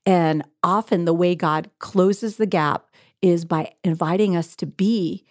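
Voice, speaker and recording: Low-voiced woman telling her faith story. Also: unhurried, no echo, clean studio sound. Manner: earnest storytelling with laughter. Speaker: guest author. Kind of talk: faith-based interview conversation.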